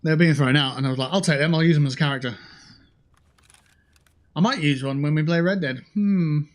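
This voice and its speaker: A streamer playing a shooter game chats casually into a headset mic, joking and swearing at opponents as he plays. His voice is on the high side and a little fast.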